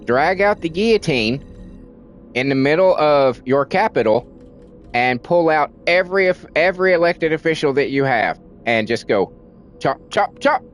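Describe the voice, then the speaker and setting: A man's voice: on the high side, lively intonation, moderate pace, soft background music. A man from the United States, a livestreamer ranting in a heated, profane way and repeating words for emphasis. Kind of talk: casual ranting commentary on stream.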